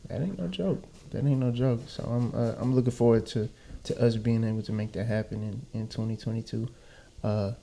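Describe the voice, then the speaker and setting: A young man co-hosting a podcast with his wife in relaxed casual chat, laughing often. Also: mid-range voice, a little fast, vocal fry. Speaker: podcast co-host.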